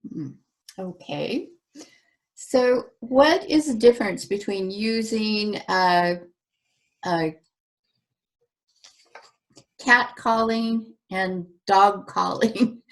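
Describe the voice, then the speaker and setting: A woman hosting an interview, asking her guest short, measured questions. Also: mid-range voice. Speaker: interview host.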